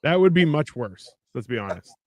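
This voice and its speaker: A man's voice: mid-range voice, sing-song, brisk, dry recording. A man co-hosting a podcast, rambling and joking in casual chat, often restarting his sentences. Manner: rambling, joking, self-interrupting. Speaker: podcast co-host.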